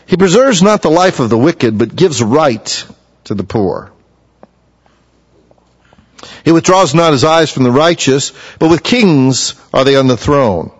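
Male preacher, earnest sermon delivery, muffled sound with a long hall echo. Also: a little slow. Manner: earnest, rises in pitch to voice quoted figures.

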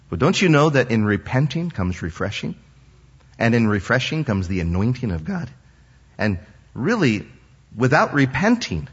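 Guy preaching a sermon, husky voice, big swings loud to quiet, kinda muffled recording. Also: on the high side. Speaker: pastor.

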